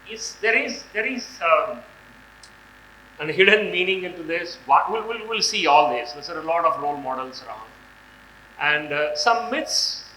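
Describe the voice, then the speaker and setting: A hoarse Indian man in his 40s, suffering from a cold, gives a conference talk as a guest speaker on stage in a large hall. His voice is bright, edgy, and on the high side, and he speaks haltingly with many fillers and restarts. The room sounds roomy, with a faint hum.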